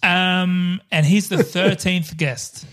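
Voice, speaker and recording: Joking male co-host, slightly high voice, loose and rambling. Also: fairly even intonation, slow pace, a bit bright. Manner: jokey, rambling asides. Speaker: podcast co-host. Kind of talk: casual chat.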